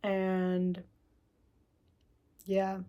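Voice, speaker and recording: A woman's voice: medium pitch, completely flat delivery, extremely slow, mellow. A woman talking casually to the camera in a rambling, reflective monologue. She curses freely and sometimes acts out her own inner voice. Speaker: vlogger.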